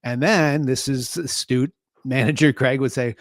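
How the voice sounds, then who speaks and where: A man co-hosting a podcast, calmly explaining ideas in casual chat with fillers. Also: mid-range voice, unhurried, dry recording, clean studio sound. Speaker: podcast co-host, sales consultant.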